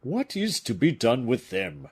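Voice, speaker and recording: A man voicing a bold, hulking male musketeer who speaks in loud, raised exclamations, with a husky voice. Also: mid-range voice, wildly swooping pitch, unhurried, pitched above the performer's own voice, heavily acted. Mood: alarmed.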